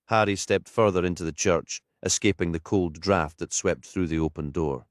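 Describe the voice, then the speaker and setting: Deep-voiced man narrating an audiobook. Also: normal speed, no room sound, studio quality.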